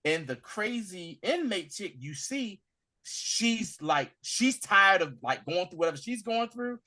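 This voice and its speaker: A man co-hosting a podcast, retelling a TV episode in a casual, animated way and acting out the characters' lines. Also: high voice, measured pace. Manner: animated storytelling, acting out scenes in voices. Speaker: podcast co-host. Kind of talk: casual TV recap chat.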